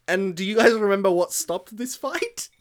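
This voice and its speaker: A man's voice: high voice, animated, normal speed, a little hiss or hum. Man in a casual film podcast. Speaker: podcast co-host. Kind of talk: casual film-review chat.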